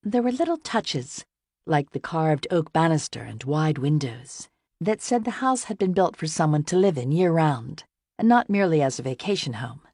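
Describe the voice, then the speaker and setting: A woman reading a novel aloud as an audiobook narrator, in gentle, even first-person storytelling. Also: sits low, normal speed, no echo, studio quality.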